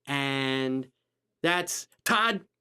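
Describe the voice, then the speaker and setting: A man hosting a live photography chat, answering viewers by name and stressing points by repeating them, his pitch swinging between low, slow stretches and high bursts. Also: lively intonation, pushed and bright, clear, resonant tone. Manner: emphatic, repeats key phrases for stress. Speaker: photography podcast host. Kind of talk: live-streamed teaching chat.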